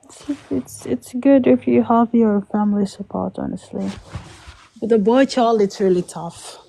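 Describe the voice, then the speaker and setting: A woman in casual conversation, soft-spoken and supportive. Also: a little high, unhurried, creaky. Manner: soft-spoken, supportive, sometimes drops to a whisper. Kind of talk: casual chat.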